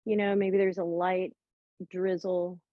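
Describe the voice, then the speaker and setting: A woman's voice: on the low side, level tone, a little slow, dry recording, phone-quality sound. Playful woman guiding a yoga class. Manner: upbeat and playful, with light jokes. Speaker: yoga instructor. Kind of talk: guided yoga class instruction.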